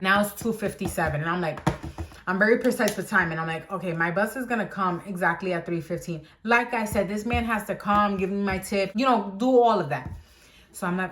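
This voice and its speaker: A woman's voice: medium pitch, moderate pace, fairly bright tone. A young woman vlogger telling a casual story, chatty and exasperated, acting out quoted dialogue as she goes. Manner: exasperated, with frequent "like" fillers.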